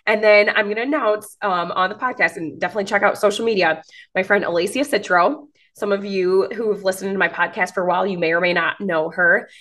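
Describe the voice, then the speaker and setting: A woman's voice: mid-range voice, fast, fairly bright tone. Gushing woman podcast host in her 30s. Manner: gushing, encouraging, says "girl" and "like" a lot. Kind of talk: motivational podcast monologue.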